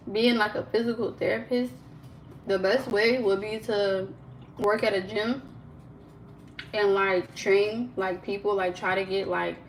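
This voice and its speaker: A young woman chats away on a live stream from her home kitchen, talking in an animated way, laughing often and saying "like" constantly. Her voice is medium-pitched, and the low-quality recording carries a faint hiss or hum.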